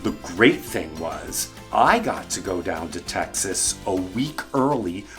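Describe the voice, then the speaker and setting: A middle-aged man, an actor and bartender, telling a casual story in an animated way. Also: deep voice, takes it slowly, faint music behind. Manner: animated, acts out the people he quotes.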